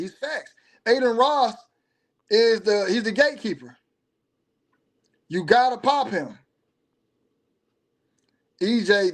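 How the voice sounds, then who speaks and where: A man with a notably high-pitched voice hosts a casual livestream and answers viewer comments as they come in. He gives blunt opinions, jumps between rapid bursts and slow, drawn-out words, and keeps the delivery loose and conversational. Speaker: livestream host.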